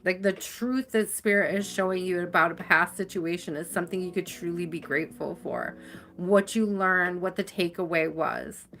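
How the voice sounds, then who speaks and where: A woman's voice: fairly low pitch, pushed and bright. Chatty tired woman reading tarot live. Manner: chatty and affectionate, drawn-out stresses, frequent laughs. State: tired, yawning. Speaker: tarot reader.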